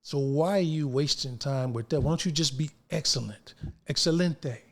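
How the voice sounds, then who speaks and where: A man's voice: mid-range voice, normal speed. An older man, a guest actor, telling stories in a casual interview and acting out the lines of people he quotes in slangy speech. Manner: animated, acts out quoted dialogue, slangy.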